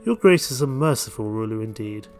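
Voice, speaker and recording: A man voicing a courtly royal advisor who briefs the king, in a formal, measured way. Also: lowish voice, lively intonation, a little mellow, faint music behind.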